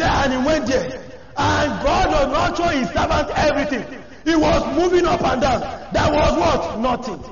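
High-voiced guy preaching loud in a big echoey hall, shouty and fired up, crowd all around. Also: vocal fry. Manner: shouted, emphatic preaching punctuated with hallelujah and oh man. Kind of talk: sermon. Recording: echoey hall, dull lo-fi sound, congregation audible.

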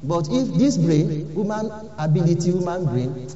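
A man's voice: on the high side, a little slow, warm tone. A man preaching a sermon as pastor, earnestly urging his listeners and repeating key phrases. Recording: echoey hall, dull lo-fi sound.

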